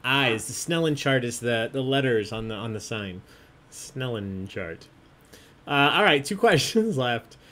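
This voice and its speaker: A man's voice: mid-range voice, animated, measured pace, fairly bright tone. A man hosting an online trivia game, chatty and jokey, often laughing as he reads out answers. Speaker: trivia host.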